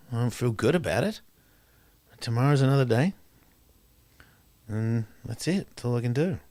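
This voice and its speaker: A man's voice: medium pitch, no room sound. A man hosting a radio talk show, musing candidly in a rambling way with lots of fillers and restarts. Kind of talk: reflective casual monologue.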